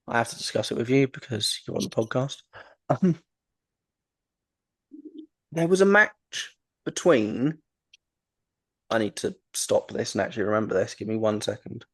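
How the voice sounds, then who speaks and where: A man's voice: mid-range voice, normal speed, pauses often. A man hosting a wrestling podcast, chatting casually and enthusiastically, with lots of ums and restarts. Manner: rambling, enthusiastic, frequent ums. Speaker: podcast host.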